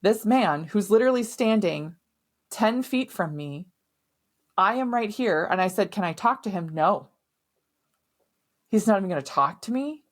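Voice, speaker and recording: A woman's voice: medium pitch, lively intonation, measured pace, pauses often. A middle-aged woman hosting a podcast, telling a personal story in a candid, emphatic way and swearing now and then. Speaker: podcast host.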